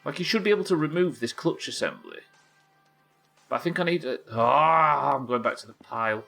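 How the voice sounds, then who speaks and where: A man's voice: fairly high pitch, fairly quick, creaky, bright, forceful tone, soft background music. A man from England with a Yorkshire accent, chatting casually while streaming a game, rambling, thinking aloud and swearing freely. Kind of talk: casual live-stream chat while gaming.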